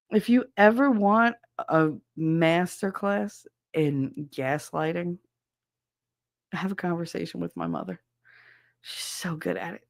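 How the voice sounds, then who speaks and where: Gravelly, blunt-talking woman host. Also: mid-range voice, dry recording, clean studio sound. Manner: blunt, profane, laughing. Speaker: podcast host. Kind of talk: casual chat with chat shout-outs.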